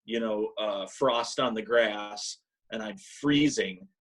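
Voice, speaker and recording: A man co-hosting a casual podcast over a call, telling animated stories and mimicking people in a high voice. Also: takes it slowly, rough recording. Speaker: podcast co-host. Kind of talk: casual chat, storytelling. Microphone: remote call mic.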